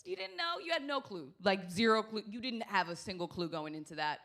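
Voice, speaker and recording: A woman doing stand-up comedy, telling stories in a brash, profane, animated way. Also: mid-range voice, brisk, vocal fry.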